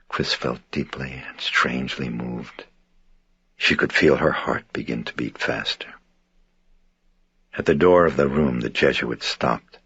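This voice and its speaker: Deep gravelly male audiobook narrator. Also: sharp tone, no room sound, lo-fi sound. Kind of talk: scripted narration.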